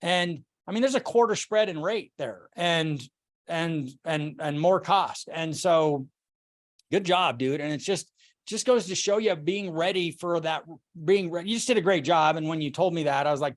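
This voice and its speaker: Man, sales team leader, slightly high pitch, candid, casual coaching talk. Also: normal speed. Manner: candid, swears freely, animated retelling with laughs.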